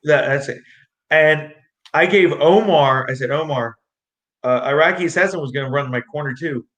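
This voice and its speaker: A young man telling fight stories in a rambling, excitable way, acting out what people said, as a guest on an interview show. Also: a little high, normal speed. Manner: excitable, rambling, acts out quotes. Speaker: guest, amateur street fighter. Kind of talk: casual storytelling interview. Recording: echoey room.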